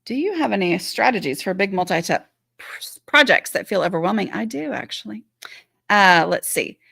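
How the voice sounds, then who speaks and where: A woman's voice: medium pitch, lively intonation, normal speed, gravelly, fairly bright tone, breathy edge, no room sound, clean studio sound. A woman hosting a live-stream Q&A, reading out viewer questions and answering them in a chatty, reassuring way with lots of "like" and "um". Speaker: decluttering advice host; former teacher and mother.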